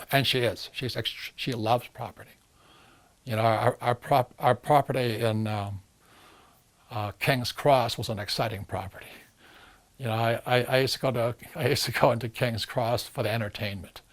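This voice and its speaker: An older man speaking as a guest, giving a recorded message to an audience, emphatic and rambling, repeating his key phrases. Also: medium pitch. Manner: rambling with frequent restarts.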